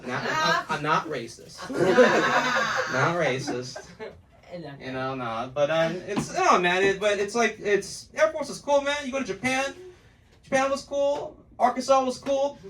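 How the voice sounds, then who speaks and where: A man's voice: high voice, pushed and bright, recorded from a distance, rough recording. A man from the United States performing a stand-up comedy set on a club stage, telling loose, laughing stories with mocking put-on quotes.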